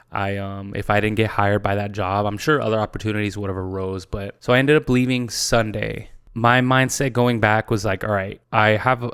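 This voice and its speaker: Lockerer junger Mann, tiefe, glatte Stimme. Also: male voice, lowish voice, clean tone, dry recording, studio quality. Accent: American. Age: 20s. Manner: casual, swears a lot, says "dude" often; gets tearful and emotional. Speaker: podcast host. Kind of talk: casual solo podcast talk.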